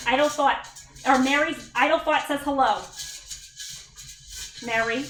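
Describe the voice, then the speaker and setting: Bright-voiced woman streaming from her kitchen. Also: high-pitched, unhurried, distant mic, faint music behind. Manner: chatty, thanks viewers by name, self-deprecating asides. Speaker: livestreamer and mother. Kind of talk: casual livestream chat while cooking. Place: home kitchen. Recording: echoey room, voice a bit off-mic.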